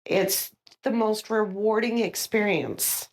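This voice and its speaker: A woman's voice: medium pitch, takes it slowly. Middle-aged female guest, earnest and sincere, casual conversation. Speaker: guest, insurance agent.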